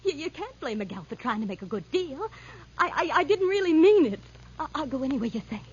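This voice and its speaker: High, swoopy scheming nightclub gal, stammery, old muffled radio play. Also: female voice, big pitch swings, quick pace, darkish tone, husky, heavily acted. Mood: pleading. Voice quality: breathless stammering when scared. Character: scheming nightclub girl, brassy and frightened. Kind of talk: 1940s radio acting. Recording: dull lo-fi old radio recording.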